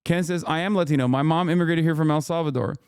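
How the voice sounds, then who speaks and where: A man's voice: fairly high pitch, fast, darkish tone, clear, resonant tone, no room sound, studio quality. A man in his thirties hosting a livestream, giving casual commentary and reading posts aloud in an exasperated, profane way. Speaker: streamer host.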